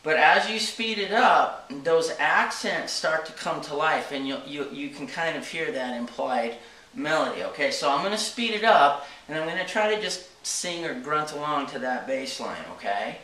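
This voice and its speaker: A man's voice: fairly high pitch, animated, normal speed, pushed and bright, far from the mic. A man teaching drums, explaining each step plainly and checking in with a frequent "okay?". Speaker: drum teacher. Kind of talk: casual instructional talk. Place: drum studio. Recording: echoey room from off-mic.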